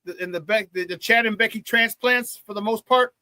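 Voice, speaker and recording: A sports talk radio host from the Chicago area runs a casual sports talk show, reading the live chat aloud. He's animated, laughs often, and repeats himself. His voice sits high, he talks fairly quickly, and there's no room sound.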